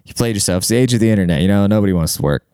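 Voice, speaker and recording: A man's voice: fairly low pitch, expressive, very fast, mellow, clear, resonant tone, no echo, clean studio sound. A man rambling through a casual comic monologue, profane and self-deprecating, full of fillers. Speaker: comedian and podcaster.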